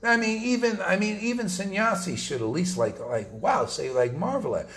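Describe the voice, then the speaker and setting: A man's voice: sits high, lively intonation, moderate pace, hardly any pauses, fairly bright tone. A man giving an informal, emphatic sermon to his followers, talking conversationally with slangy asides. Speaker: spiritual teacher.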